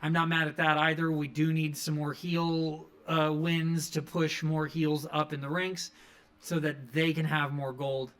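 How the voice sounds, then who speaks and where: A man with a notably high voice talks through a wrestling recap in casual, rambling commentary. He gets enthusiastic and leans on plenty of fillers as he goes. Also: little pitch movement, unhurried, a bit bright. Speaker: wrestling review podcast host.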